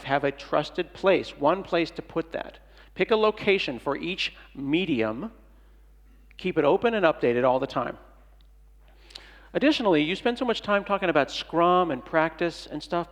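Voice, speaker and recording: A man's voice: on the high side, a bit bright. A middle-aged man giving a comedic keynote talk at a conference, playful and jokey, acting out little dialogues. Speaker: conference speaker. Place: large conference hall. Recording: long hall reverb.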